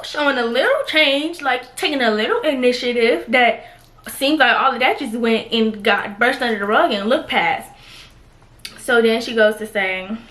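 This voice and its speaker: Young woman, chatty vlog storytelling, animated, a bit high-pitched. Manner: animated, conversational, reads messages aloud. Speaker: vlogger. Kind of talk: casual storytelling while getting ready.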